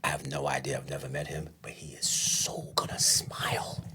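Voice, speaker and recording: A man's voice: a bass voice, level tone, normal speed, whispered. A man hosting a podcast conversation, asking questions and thinking aloud, often repeating his phrases. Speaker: podcast host. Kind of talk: casual conversation.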